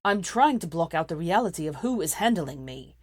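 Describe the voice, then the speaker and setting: A woman voicing a proud, bitter young man who sneers and flares into shouting. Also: low voice, moderate pace, dry recording, clean studio sound. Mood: furious. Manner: sullen, sneering, erupts into shouting. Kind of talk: fan fiction reading.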